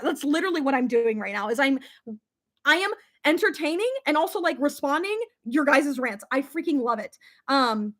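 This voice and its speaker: Giggly high-voiced woman, stuffy-nosed. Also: expressive, normal speed, a bit bright. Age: 30s. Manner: giggly, breaks into high shrieking laughter. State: stuffy, congested head. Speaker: livestream host reading viewer comments. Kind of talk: casual live chat.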